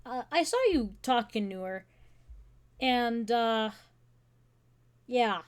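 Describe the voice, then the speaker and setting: A woman's voice: on the high side, slow, clear, resonant tone. Woman voicing Anton, a stammering smitten guy. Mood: flustered. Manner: stammering, gushing. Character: shy, fawning young man NPC, flustered and insecure.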